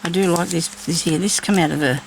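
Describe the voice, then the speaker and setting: A woman's voice: on the low side, fast, creaky, a little hiss or hum, rough recording. A woman chatting casually while she crafts, thinking aloud and talking to herself as she works. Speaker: crafting vlogger.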